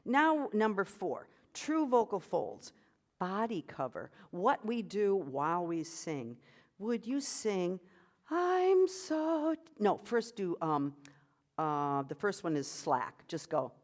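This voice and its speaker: A woman's voice: lowish voice, sing-song, slow pace. A woman vocal coach leading a voice workshop. She encourages the group and demonstrates sounds and short sung phrases for them to copy.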